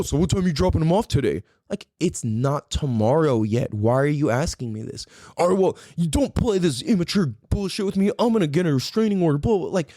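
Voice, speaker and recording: A heated male podcast host, somewhat high-pitched with a very animated delivery. He lectures the listener bluntly, swearing often and firing off rhetorical questions. The sound is close and dry, with no room echo. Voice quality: profane, blunt, repetitive emphatic phrasing. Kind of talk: heated solo rant.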